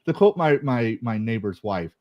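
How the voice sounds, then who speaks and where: Man with a faded Texas accent, podcast host, animated pitch, rambling and profane, dry close sound. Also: normal speed, dry recording, highs cut off. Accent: American, faded Texas. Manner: rambling, laughing, profane storytelling. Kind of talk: casual chat.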